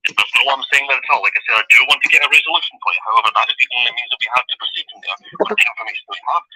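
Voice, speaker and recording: A man's voice: mid-range voice, rapid-fire, bright, forceful tone, husky, no room sound, low-quality recording. A man working as a customer service manager, answering a complaint with polite, formulaic lines he repeats like a script. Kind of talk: scripted call-centre reply.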